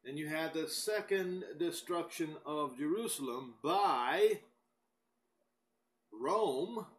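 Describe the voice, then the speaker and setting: A man giving a recorded Bible teaching, speaking deliberately and with emphasis, and reading scripture aloud. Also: a little high, lively intonation, low-quality recording. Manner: slow, deliberate and emphatic, pausing between phrases.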